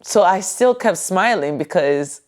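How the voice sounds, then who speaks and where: A woman's voice: lowish voice, lively intonation, a little slow, a little mellow. A woman hosting her own podcast, telling a personal story in a goofy, joking, candid way with some casual swearing, recorded at home on her couch. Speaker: podcast host.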